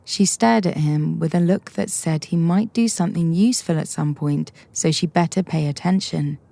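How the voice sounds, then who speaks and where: Woman narrator, steady storytelling, warm and somewhat low voice. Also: moderate pace, gravelly, dry recording. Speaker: audiobook reader.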